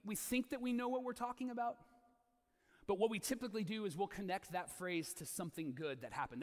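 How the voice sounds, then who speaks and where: A man in his thirties preaching a sermon as pastor, animated, acting out quoted voices and repeating key lines. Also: high-pitched, in a large hall.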